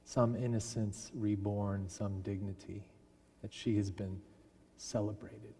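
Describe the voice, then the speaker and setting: A man preaching a sermon as a minister, telling a story with lively delivery and briefly acting out the people in it. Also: fairly low pitch, slow pace, slight background noise. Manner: animated storyteller who acts out quoted voices. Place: large church sanctuary. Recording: long church reverb. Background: congregation laughing.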